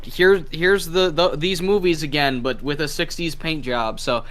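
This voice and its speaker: A man's voice: on the high side, normal speed, a bit bright. A man speaking as a guest on a casual podcast, loose and profane, rambling through his points.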